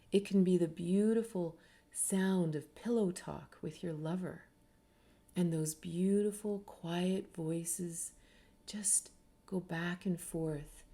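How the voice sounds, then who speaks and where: A middle-aged Canadian author gives an earnest, reflective talk, briefly acting out the people she quotes. Her voice is lowish with a dark tone.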